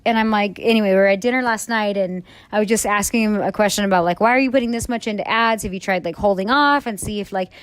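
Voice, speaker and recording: A woman's voice: mid-range voice, quick pace, few pauses, clear, resonant tone, dry recording. Candid rambling woman, dry close sound. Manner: candid, rambling, frequent fillers and swearing. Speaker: podcast co-host, salon owner. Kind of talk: casual chat.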